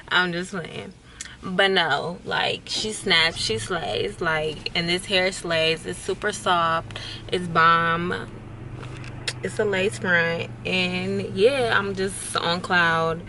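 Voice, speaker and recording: Bright, bubbly young woman vlogging. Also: lowish voice, fairly even intonation, takes it slowly, slight background noise. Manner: bubbly, slangy and playful, hyping herself up. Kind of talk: casual vlog chat to camera. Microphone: phone camera held by hand.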